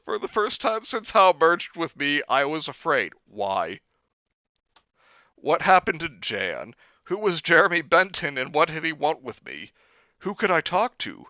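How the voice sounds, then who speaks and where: A man's voice: medium pitch, very animated, measured pace, pushed and bright, dry recording, muffled recording. A young man hosting a stream, reading a book aloud with sarcastic asides and laughter. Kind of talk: comedic read-through with commentary.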